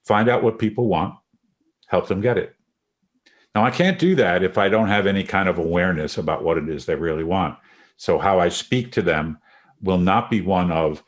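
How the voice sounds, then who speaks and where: A man's voice: low-pitched, moderate pace. An older man hosting a leadership discussion in a reflective, encouraging conversational manner. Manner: reflective, encouraging, thinks aloud. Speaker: host leading a leadership discussion. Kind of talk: conversational coaching talk.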